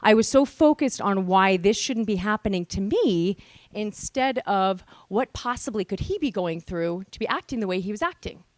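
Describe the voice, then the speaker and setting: A woman's voice: medium pitch, animated, moderate pace, dry recording. A woman in her forties gives a motivational talk at a women's event. She tells her own story candidly and earnestly. Her voice sits in a middle register and sounds close and dry. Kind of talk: motivational speech. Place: event hall with live audience.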